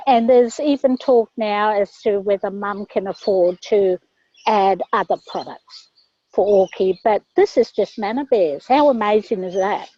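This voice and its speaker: A fairly high-voiced woman speaks enthusiastically, stumbling over fillers. The call audio is dry and muffled. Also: a little mellow, no echo. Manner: enthusiastic, halting with many fillers. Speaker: guest sharing a story. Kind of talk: online group call testimonial.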